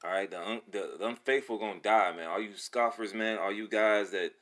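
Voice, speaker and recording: A man with a lowish voice preaches from scripture in a loose, excited street style. He swears freely and keeps calling his listeners "man." His delivery jumps between calm reading and fired-up exhortation. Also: a little fast. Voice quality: profane, slangy speech. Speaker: religious video presenter. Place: Atlanta.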